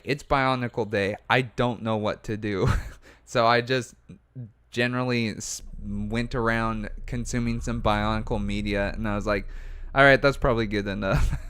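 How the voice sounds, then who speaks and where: A man co-hosting a casual livestream, relaxed, reading out viewer messages with dry humor. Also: on the low side, measured pace, clean tone. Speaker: co-host reading chat.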